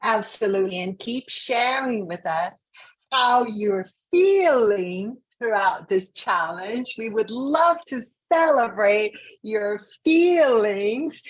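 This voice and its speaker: Slow-speaking woman host and love coach. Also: on the high side, animated, breathy edge, poor audio. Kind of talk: casual chat.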